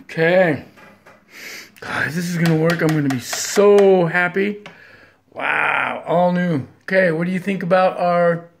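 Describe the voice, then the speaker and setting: An unhurried, drawn-out speaker chatting casually to viewers beside a pinball machine indoors. They think out loud and burst into excited exclamations. A faint hiss sits under the voice. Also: medium pitch, gravelly. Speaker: pinball hobbyist showing a repair. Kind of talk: casual vlog narration to viewers.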